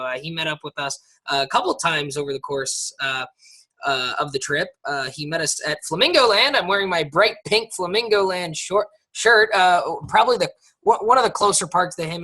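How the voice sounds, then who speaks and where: American man, podcast co-host, bright tone, loose chatty delivery full of ums. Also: a little high. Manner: chatty, many fillers and restarts. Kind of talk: casual chat.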